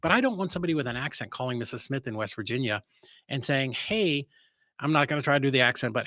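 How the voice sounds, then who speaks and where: A man speaking as a guest in a casual interview, blunt and self-assured, acting out quoted voices with sudden jumps in pitch. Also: quick pace, no room sound. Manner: energetic, acts out quoted voices with sharp rises. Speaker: real estate investor and guest.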